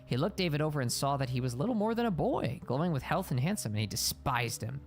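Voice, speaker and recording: A man's voice: on the high side, very animated, fast, soft background music. A man reading a Bible passage aloud on a stream and stopping to explain it in casual words.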